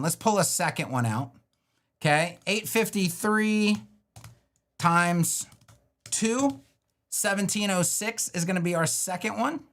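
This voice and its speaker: A middle-aged man teaching web design on a livestream, ranting with sarcasm and the odd swear, then walking through a screen demo. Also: fairly high pitch. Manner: animated and ranting, with sarcastic put-on voices and profanity.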